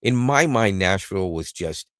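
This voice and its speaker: A man's voice: deep voice, lively intonation, normal speed, a bit bright, no echo, studio quality. A Canadian man co-hosting a podcast, chatting casually and joking, with laughs and restarts. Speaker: podcast co-host. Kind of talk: casual chat.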